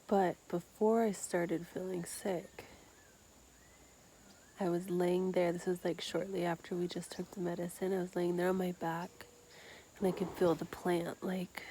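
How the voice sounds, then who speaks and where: A woman's voice: on the low side, flat delivery, unhurried. A young woman talking casually to her camera in a video diary, often dropping to a whisper and saying "like" a lot. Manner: soft-spoken, often whispering, many "like" fillers. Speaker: vlogger. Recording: clear outdoor insect noise.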